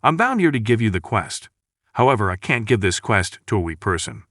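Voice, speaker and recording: A man's voice: lowish voice, sing-song, a little fast, a bit bright, no room sound, studio quality. A man reading the lines of a brash dead warrior ghost who boasts and mocks, in a recap narration. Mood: annoyed. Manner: boastful, scolding, mocking. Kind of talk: recap narration with read-out dialogue.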